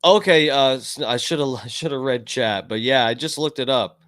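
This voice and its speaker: A man's voice: mid-range voice, normal speed, fairly bright tone. A man streaming a casual live reaction, rambling and swearing with lots of hesitations.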